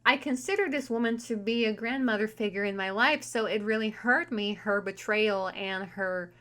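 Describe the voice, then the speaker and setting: A woman's voice: mid-range voice, normal speed, a bit bright. A woman vlogger telling a personal story in a chatty, candid and wry way. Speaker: spiritual vlogger and tarot reader. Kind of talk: casual storytelling monologue.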